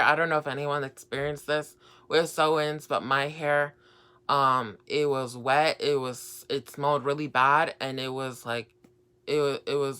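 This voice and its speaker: A young woman chats through a personal story on her vlog, wandering with fillers and repeated starts. Her voice is bright and clean, and she speaks unhurriedly. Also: very deep voice, clean tone. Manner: rambling, lots of fillers and repeats. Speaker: vlogger.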